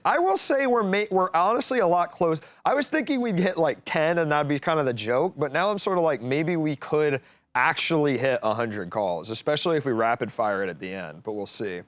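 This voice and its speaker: Rambling, joking male host taking calls on a live stream; dry mic sound, middle pitch. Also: dry recording. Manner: rambling, joking, swears casually. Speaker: call-in show host. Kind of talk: casual live stream chat. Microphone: studio mic.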